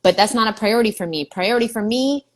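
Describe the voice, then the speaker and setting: A woman's voice: on the high side, fast. A woman from New York, a guest in a casual video chat, talking bluntly and brashly and swearing freely.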